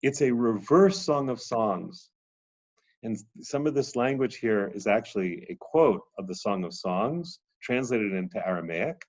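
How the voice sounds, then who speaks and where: A man's voice: lowish voice, a little mellow, dull audio. A man lecturing on a text, reading passages aloud with rising drama and then explaining them.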